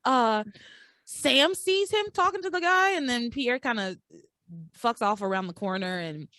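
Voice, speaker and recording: A woman co-hosting a casual podcast, talking in an animated rush of restarts and fillers. Her pitch swoops widely as she goes. The sound is dry and close, with no room around it. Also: unhurried, no echo. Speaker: podcast co-host. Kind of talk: casual recap chat.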